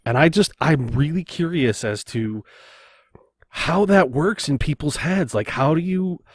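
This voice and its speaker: A man's voice: fairly high pitch, animated, unhurried, breathy edge. A young man from Canada co-hosting a podcast, probing with questions in casual chat and leaning on fillers. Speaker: podcast co-host.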